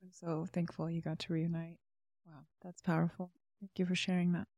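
A woman hosting a podcast interview, asking gentle, measured questions. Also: fairly low pitch, level tone, dry recording. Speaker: podcast host.

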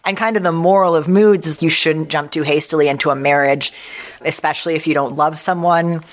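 A woman with a low voice hosts a casual book podcast, reading passages aloud between comments. She laughs easily and keeps the chat relaxed. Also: a little fast. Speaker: podcast host.

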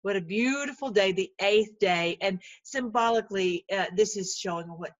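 An earnest woman giving informal Bible teaching and prayer, animated, laughing often and repeating words as she goes. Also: mid-range voice, normal speed, no echo, lo-fi sound.

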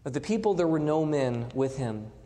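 Male preacher, animated delivery, swings loud to hushed; long hall reverb. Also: a little high, moderate pace. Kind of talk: sermon.

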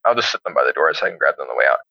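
A young man playing a tabletop game, chatting casually and thinking out loud with hesitant restarts. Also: rumbling low, very animated, very fast, no room sound. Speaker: player. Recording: dull, dry lo-fi sound.

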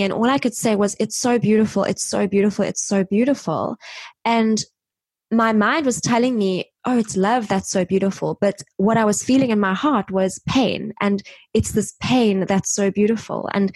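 A woman's voice: medium pitch, darkish tone, dry recording. A woman guest sharing a personal story in a reflective, searching way, with many fillers and trailing phrases. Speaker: podcast guest.

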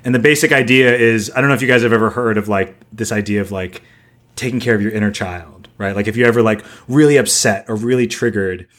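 A man's voice: lowish voice, steady tone, quick pace, fairly bright tone. A man co-hosting a podcast, chatting casually and rambling with lots of "like" fillers. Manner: rambling, heavy use of "like" fillers. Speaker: podcast co-host.

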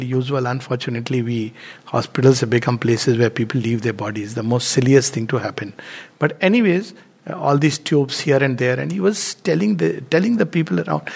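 A man gives a spiritual talk, his fairly high voice carrying a gravelly edge. He tells anecdotes loosely, with fillers, as he explains his teaching. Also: a little fast. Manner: anecdotal, warm storytelling with frequent fillers and laughs.

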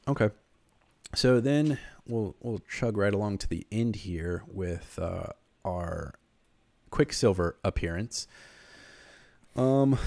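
Low guy chatting casually on a podcast, lots of ums, dry close sound. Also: vocal fry, a little mellow, no room sound. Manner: rambling, many fillers and restarts. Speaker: podcast co-host. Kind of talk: casual chat.

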